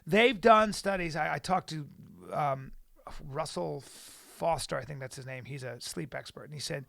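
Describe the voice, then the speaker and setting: A man's voice: a little high, moderate pace, vocal fry, fairly bright tone, no room sound. A man co-hosting a podcast in a studio, telling stories animatedly and swearing freely. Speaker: podcast co-host. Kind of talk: casual chat.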